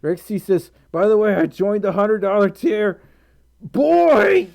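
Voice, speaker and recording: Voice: mid-range voice, warm tone. A live streamer chatting casually and reading out donations, giggling, rambling and running themselves down. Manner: giggly, rambling, flustered, self-deprecating.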